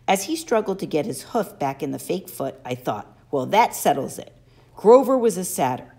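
A woman narrating an audiobook in an expressive first-person storytelling manner. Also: fairly low pitch. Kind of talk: audiobook reading.

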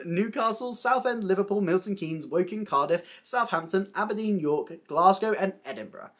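A young woman hosting a casual theatre news recap, chatty and enthusiastic with frequent laughs. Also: on the low side.

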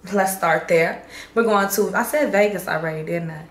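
Speaking at a normal speed in a voice on the low side, a woman from Chicago chats with her viewers in a slangy vlog update that gets hyped. Faint hum and a roomy echo come through in the recording.

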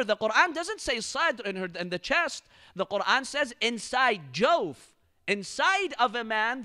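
A man's voice: sits high, bright, forceful tone. A man giving a Ramadan lecture in a mosque as preacher, telling stories expressively and reciting Arabic verses.

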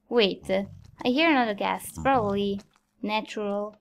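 A young woman commentating her own gameplay, nervous and easily startled, yelping at scares and talking herself calm. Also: mid-range voice, slow, creaky, a little hiss or hum. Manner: jumpy, nervous, yelps and laughs at scares. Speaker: Minecraft let's-play host.

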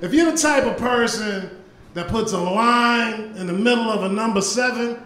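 A man doing a loud, animated stand-up comedy set in a club, with profanity and crowd work. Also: high-pitched, moderate pace, heavy background noise. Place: comedy club stage before a live audience. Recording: echoey club with audience laughter.

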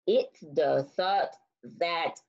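A woman voicing a kind, gentle male panda who speaks slowly and reassuringly, in a dull lo-fi recording. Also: low-pitched, exaggerated voice. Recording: slightly dull lo-fi sound.

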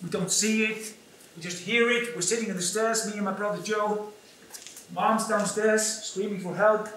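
A high, bright-toned man with an Icelandic accent recounts his own story on stage in an earnest, confessional way. His voice rings through a large echoey theatre and is caught from some distance away, with hall sound all around it. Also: fairly even intonation, normal speed, a little hiss or hum. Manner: earnest, confessional, breaks into brief laughs. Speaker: community theatre performer.

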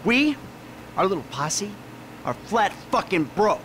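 Michael, a sarcastic ex-criminal. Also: male voice, sits high, sing-song, a little slow, heavily acted. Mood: sarcastic rant. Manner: sarcastic, cursing, rising into rants. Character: bitter sarcastic retired male criminal, middle-aged. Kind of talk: video game cutscene dialogue. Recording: game audio with loud background noise.

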